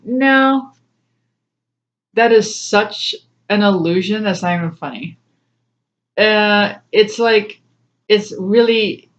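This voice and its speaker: A woman tarot reader talking in a casual, rambling way, laughing often between phrases. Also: mid-range voice. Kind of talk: casual spiritual reading to camera. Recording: slightly dull lo-fi sound.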